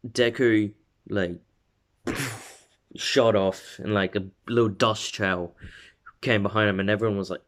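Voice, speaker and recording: A man's voice: on the low side, fairly even intonation, slow, long pauses. A man casually retelling a fan-made story, rambling with lots of fillers and self-corrections.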